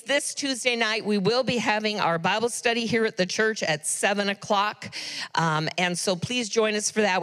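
Middle-aged woman, church announcer, earnest and chatty with asides, mid-pitched, reverberant hall sound. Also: a bit bright. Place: church sanctuary.

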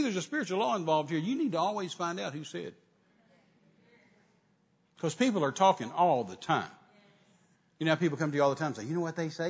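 An older man preaching a sermon, telling a folksy story that swings from hushed to shouting. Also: on the high side, expressive, a little fast, pauses often, breathy edge.

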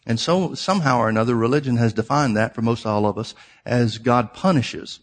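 Man, preacher, emphatic sermon, repeats key phrases, mid-pitched voice. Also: fairly quick. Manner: emphatic, repeats phrases, addresses listeners as folks.

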